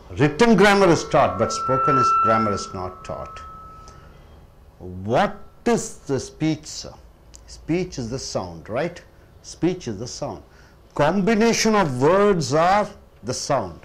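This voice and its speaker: A man with an Indian English accent teaching English pronunciation, slowly repeating each word as a drill. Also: medium pitch, slight background noise. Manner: slow, repeats words for drill, addresses listeners as sir. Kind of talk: classroom lesson.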